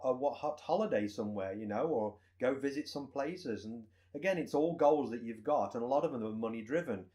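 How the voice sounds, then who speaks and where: A man, a personal trainer co-hosting a podcast, explaining goals with everyday examples in relaxed chat. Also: mid-range voice.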